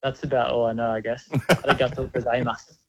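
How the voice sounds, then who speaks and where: Shy, low-key man calling radio. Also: little pitch movement, quick pace, a little mellow, a little hiss or hum. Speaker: radio caller. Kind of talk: phone-in chat.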